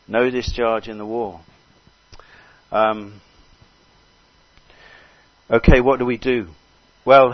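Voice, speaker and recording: An older man preaching a sermon with fervour, repeating phrases and crying out hallelujah between soft asides. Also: mid-range voice, dry recording. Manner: fervent, swings between loud exclamations and soft asides. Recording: dull lo-fi recording.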